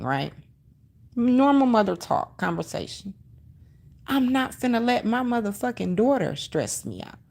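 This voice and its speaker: A middle-aged woman hosting a casual livestream, talking emphatically and with sass, repeating her points and answering viewer comments. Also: mid-range voice. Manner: emphatic, preachy, sassy, repeats herself. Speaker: livestream host.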